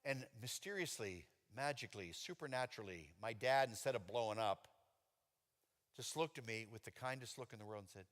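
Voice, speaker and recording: Animated man preaching in a reverberant hall. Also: fairly quick. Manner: animated storytelling with high-pitched acted-out quotes. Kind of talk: testimony sermon. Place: church hall. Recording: long reverb of a church hall.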